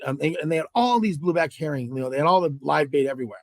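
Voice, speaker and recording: Animated male storyteller, dry close sound. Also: a little high, very fast, no echo. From Southern California. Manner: animated, acts out dialogue in stories. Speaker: guest angler. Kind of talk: casual storytelling interview.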